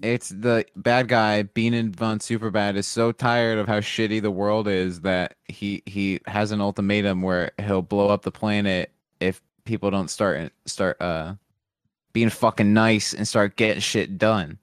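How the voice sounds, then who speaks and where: A man's voice: fairly low pitch, fairly even intonation, unhurried, smooth, no room sound, studio quality. A man in casual, rambling banter, swearing and talking with lots of fillers.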